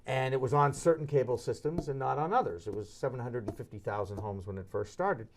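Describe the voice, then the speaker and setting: A middle-aged man hosting a sports talk show, telling stories in a casual, animated way and slipping into high voices when he quotes people. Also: brisk, noisy background. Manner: animated, jumps into high-pitched voices when quoting others.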